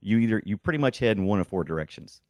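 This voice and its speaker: A man's voice: on the low side, quick pace, no echo. A man chatting casually about a mobile game, rambling and restarting his sentences, and he is a little sick. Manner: rambling, restarts often, excitable. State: sick, congested. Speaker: podcast co-host. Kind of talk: casual chat about games.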